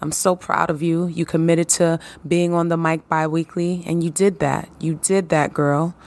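Lively, playful woman podcast host. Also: deep voice, normal speed. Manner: lively, playful, hype-building. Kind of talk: casual solo podcast talk.

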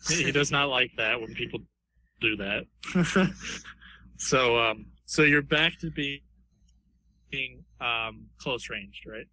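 A man's voice: mid-range voice, slow pace, pauses often, bright, forceful tone, low-quality recording. A man co-hosting a podcast, hesitantly describing an imagined fight and repeating words as he thinks. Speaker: podcast co-host. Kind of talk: casual chat narrating a fight scenario.

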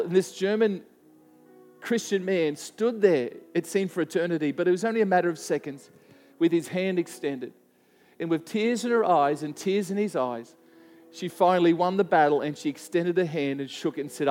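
A man with a high-pitched voice preaches to a church congregation. He tells his story earnestly, often restarting a phrase before pressing on. Soft music plays underneath. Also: big-room sound. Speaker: pastor. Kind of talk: sermon storytelling.

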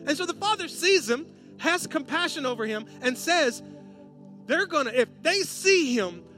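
A man preaching a sermon with a high, bright, ringing voice. He talks to the congregation like friends, with slang and asides, and keeps climbing into excited, loud stretches. Soft music plays underneath. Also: normal speed. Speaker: pastor.

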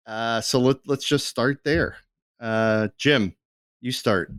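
A man's voice: medium pitch, slow pace, fairly bright tone, smooth, no room sound, clean studio sound. A man hosting a political discussion, speaking emphatically. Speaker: host.

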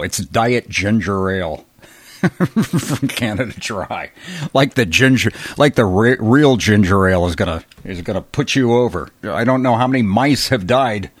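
A man's voice: deep voice, no room sound. A man in his fifties talking alone in a bedroom, a rambling, self-deprecating solo monologue with chuckling asides. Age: 50s. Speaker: podcast host.

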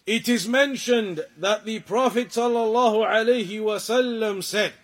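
A man giving a religious lecture to a class, explaining points deliberately and with emphasis. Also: high voice. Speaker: religious teacher.

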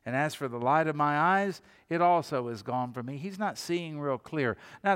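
A pastor preaching a sermon, telling stories and acting out the voices of the people in them. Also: male voice, fairly high pitch, big-room sound. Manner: animated storytelling, acting out quoted voices.

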